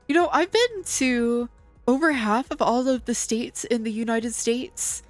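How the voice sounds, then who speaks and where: Woman streamer, chatty and rambling, light music bed. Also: a little high. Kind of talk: casual game commentary.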